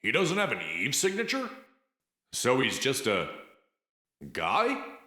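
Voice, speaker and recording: A man's voice: medium pitch, huge pitch swings, normal speed, pushed and bright, pitched above the performer's own voice, full character voice. A man doing a sarcastic captive hero. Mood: puzzled. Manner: sarcastic, bluffing. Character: wry captive young man, flippant under threat.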